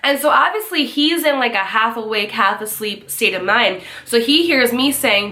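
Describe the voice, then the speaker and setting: A young woman telling a scary story to her viewers, animated and swearing, acting out the voices of the people in it. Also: on the high side, moderate pace, few pauses. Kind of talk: storytime chat to camera.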